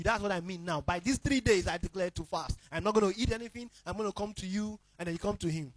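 A man preaching a sermon as the pastor, emphatic and repetitive, swinging between loud declarations and hushed asides. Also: high voice, fast, few pauses, no echo, low-quality recording.

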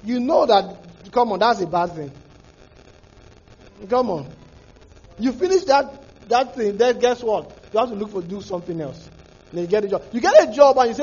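A man preaching with fervour, his voice very high and husky. His pitch leaps and swoops as he repeats and restarts phrases, and the recording sounds dull and lo-fi. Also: sing-song, moderate pace, pauses often, darkish tone. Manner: fervent, repetitive preaching with restarts. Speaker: pastor. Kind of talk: sermon.

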